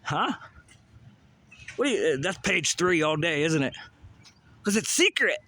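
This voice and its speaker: A man's voice: fairly high pitch, very animated, unhurried, pushed and bright. A man delivering a rambling, profane, conspiratorial monologue, often asking rhetorical questions. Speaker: vlogger.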